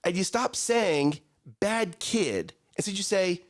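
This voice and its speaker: A lively man in his thirties talks like a coach on a casual morning show. His pitch rises and falls a lot, and he doubles back on his words as he makes his point. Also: slow. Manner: animated, repeats words, coaching tone. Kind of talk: casual chat.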